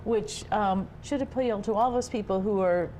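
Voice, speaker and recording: A woman's voice: medium pitch, moderate pace, mellow, a little hiss or hum. A woman guest promoting an event on a TV show, speaking hesitantly with fillers. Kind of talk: TV interview.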